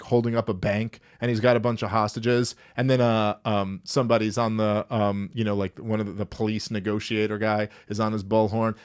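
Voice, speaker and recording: A man's voice: medium pitch, darkish tone. A man hosting a podcast in casual political chat, ranting animatedly and swearing freely. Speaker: podcast host.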